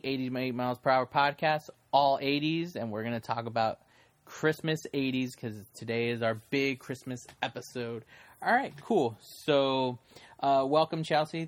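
A man hosting a casual podcast, talking in a chatty, rambling way and laughing often. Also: mid-range voice. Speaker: podcast host.

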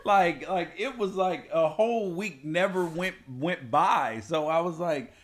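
A man with a slightly high voice co-hosts a relaxed chat with his wife. He tells stories with a joking, animated delivery and rants with playful exasperation. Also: unhurried, a little hiss or hum. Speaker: podcast co-host. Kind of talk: casual couple chat.

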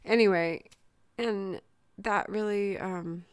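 A woman's voice: medium pitch, slow pace, smooth, no room sound. A woman in her forties, a mother from Southern California, telling a personal story in a candid, emotional way with many fillers in a casual chat.

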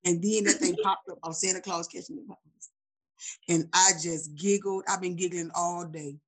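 A woman in her forties in casual chat, animated and preachy, laughing often, heard over a video call. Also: fairly low pitch, moderate pace. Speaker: guest.

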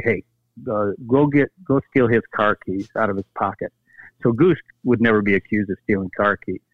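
An older man tells stories in a relaxed interview, jumping into animated quoted voices with plenty of halting restarts. The recording is dry and a little dull, with no room sound. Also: lowish voice, dry recording. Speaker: guest storyteller, former team executive. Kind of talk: casual storytelling interview.

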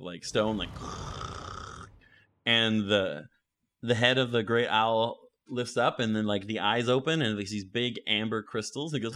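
A man narrating a tabletop game as game master, casual and halting, with frequent restarts. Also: on the low side, pushed and bright.

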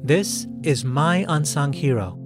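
A man hosting a podcast, narrating a scripted story in a calm, measured way. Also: on the high side, over music. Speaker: podcast host.

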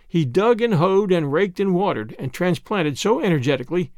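A man narrating a storybook in an expressive reading. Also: sits high, moderate pace, no room sound, clean studio sound. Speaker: audiobook narrator. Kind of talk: scripted narration.

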